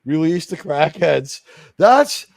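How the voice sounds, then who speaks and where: A man's voice: a little high, very animated, slow pace, gravelly, no echo, clean studio sound. A man hosting a casual streamed panel talk show, rambling and joking with frequent laughs. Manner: rambling, jokey, laughs often.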